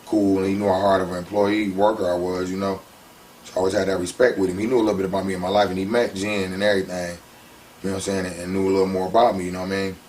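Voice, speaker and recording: A man in a casual interview telling his story in an animated, slangy way. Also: deep voice, racing, recorded from a distance, a little hiss or hum. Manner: animated, slangy, heats up when retelling conflicts.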